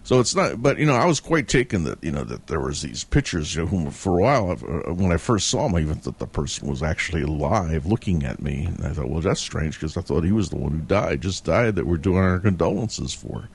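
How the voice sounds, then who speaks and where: A man's voice: low voice, expressive, brisk, vocal fry, few pauses, breathy edge. A man telling the story of a dream in a casual monologue, meandering and reflective as he retells it.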